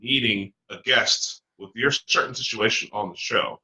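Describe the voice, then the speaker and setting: A man hosting a talk show, speaking in a hesitant, deliberate way with many ums. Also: mid-range voice, gravelly, bright, forceful tone, low-quality recording. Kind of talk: casual talk show chat.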